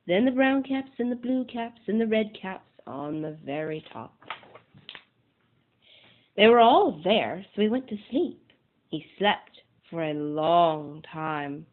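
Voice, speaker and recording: A woman reading a children's picture book aloud with slow, deliberate pacing and dramatic pauses. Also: mid-range voice. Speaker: storyteller. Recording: tinny phone-like sound.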